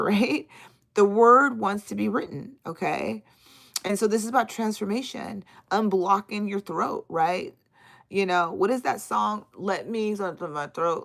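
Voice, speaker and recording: A woman with a low, gravelly voice gives live tarot readings. She chats casually and affectionately with viewers, reading out their names and answering their comments, and she sprinkles in slang and cussing.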